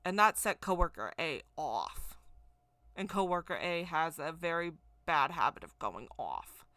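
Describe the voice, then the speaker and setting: A woman's voice: low-pitched, sing-song, measured pace, pushed and bright, no room sound. A woman vlogger telling a casual story in a rambling way, often repeating and correcting herself. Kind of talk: casual spoken anecdote.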